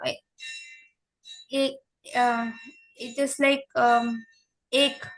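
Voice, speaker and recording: A woman's voice: high voice, fairly even intonation, a little slow, fairly bright tone, soft background music. A woman student on a video call in an online English class, speaking hesitantly and politely with many fillers. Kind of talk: asking questions in an online class.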